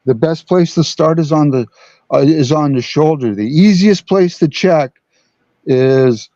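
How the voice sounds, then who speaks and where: A man calling in to a talk show, explaining earnestly with halting restarts. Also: on the high side, dark tone, dry recording, highs cut off. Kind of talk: casual call-in talk.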